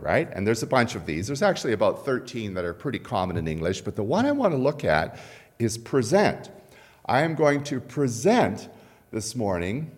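Man preaching with a very lively voice. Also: on the low side. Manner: conversational, asks "right?" and "okay?" often. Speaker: pastor. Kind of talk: sermon. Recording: long hall reverb.

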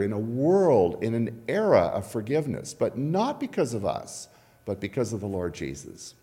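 Man preaching with a very lively voice. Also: fairly low pitch, normal speed. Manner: conversational, asks "right?" and "okay?" often. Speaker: pastor. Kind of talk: sermon. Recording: long hall reverb.

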